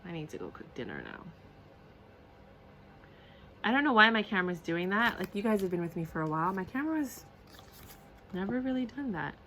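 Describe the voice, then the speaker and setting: A woman's voice: medium pitch, big pitch swings, brisk, long pauses, sharp tone, slight background noise. A woman reviewing a card deck on camera in a casual, gushing way, repeating herself and laughing often. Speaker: tarot and oracle deck reviewer.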